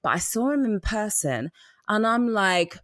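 Lively laughing woman podcast host. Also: mid-range voice, no echo, clean studio sound. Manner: animated, laughs often, drawn-out emphasis. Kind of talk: casual gossipy chat.

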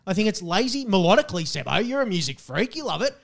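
Australian man, high voice, sweary comedic rant, shouts mock chants. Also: big pitch swings, quick pace, creaky. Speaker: podcast co-host.

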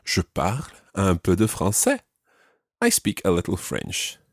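A man hosting a podcast language lesson, patiently giving English phrases and repeating the answers slowly and clearly. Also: sits low, huge pitch swings, dry recording, studio quality. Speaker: language teacher host.

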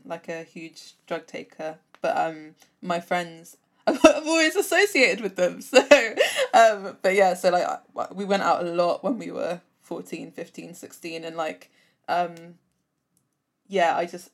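A woman co-hosting a podcast, chatting in an easygoing, giggly way with plenty of fillers. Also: fairly low pitch. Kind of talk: casual chat.

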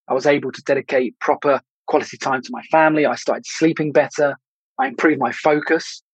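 A man's voice: on the high side, slightly rough, no echo. A man hosting a podcast, talking alone in a reflective, conversational way with some restarts. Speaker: podcast host. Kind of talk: solo podcast monologue. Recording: dull lo-fi dry recording.

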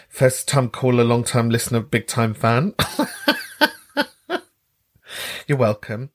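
A man's voice: mid-range voice, a little slow, pauses often. A man in his thirties hosting a podcast, chatting casually and responding to callers in a camp, jokey way with frequent giggles. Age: 30s. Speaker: podcast host.

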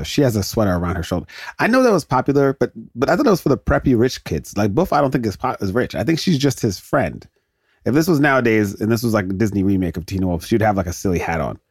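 A man's voice: lowish voice, a little mellow, breathy edge, no room sound, clean studio sound. A man hosting a podcast, giving rambling solo commentary on a movie as he watches. He laughs often and interrupts himself. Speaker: podcast host. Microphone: close podcast mic.

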